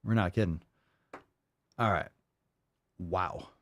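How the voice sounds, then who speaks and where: A man's voice: low voice, takes it slowly. A man hosting a podcast, reacting to clips with profane, sarcastic mockery. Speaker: podcast host. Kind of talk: casual reaction commentary.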